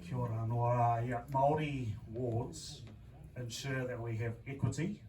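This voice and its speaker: A man with a New Zealand accent giving a deliberate speech as a council candidate, often checking in with "okay?". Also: mid-range voice. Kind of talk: public meeting speech. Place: club hall at a public meeting. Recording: distant mic with faint noise.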